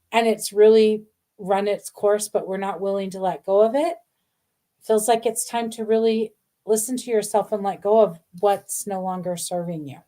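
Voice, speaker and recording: A middle-aged woman with a warm, mid-range voice hosts a live stream as an intuitive card reader. She gushes and meanders through the reading, using many fillers.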